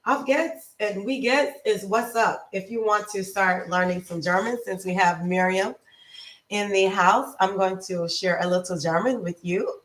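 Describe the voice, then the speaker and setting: Chatty upbeat woman streaming live, slow pace. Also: a bit bright, reverberant, poor audio. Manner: chatty, upbeat, greets viewers by name and drifts off topic; slows down to pronounce foreign words with bursts of high pitch. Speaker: lifestyle and nutrition livestream host. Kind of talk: casual livestream chat.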